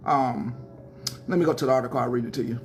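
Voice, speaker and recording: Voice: medium pitch, quick pace, music in the background. A pastor hosting a casual livestream news show, talking to viewers in chat in a chatty, hesitant way with many fillers.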